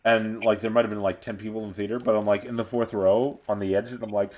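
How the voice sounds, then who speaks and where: A man's voice: on the low side, fast talker. A man streaming a game and chatting casually with friends, telling stories with lots of energy and laughter. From United States. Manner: animated, laughing storyteller.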